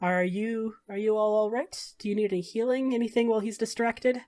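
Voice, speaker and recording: A woman voicing a courteous, well-dressed male mage who speaks softly and politely. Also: on the high side, lively intonation, quick pace, lightly acted. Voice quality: soft, courteous.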